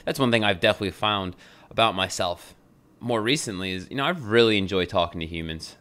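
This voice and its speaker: A man's voice: fairly low pitch, animated, fairly quick, a bit bright. A young adult man hosting a podcast, talking in a loose, jokey way and swearing freely. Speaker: podcast host. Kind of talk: casual podcast monologue.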